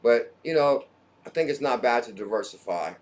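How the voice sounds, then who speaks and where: Male livestream host, middle pitch, energetic and scattered, constantly shouting out the chat. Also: moderate pace. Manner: hyped, hops between topics, shouts out chat viewers.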